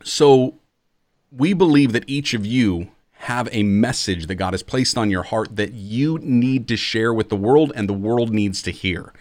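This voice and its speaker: A man's voice: fairly low pitch, measured pace, dry recording. A man who is a pastor and podcast co-host, talking in an earnest, emphatic, sermon-like way. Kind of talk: podcast conversation.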